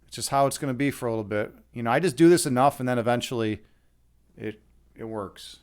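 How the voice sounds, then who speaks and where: A man's voice: mid-range voice, quick pace. A man hosting a casual livestream, rambling and chatting with viewers and swearing now and then. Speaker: livestream host.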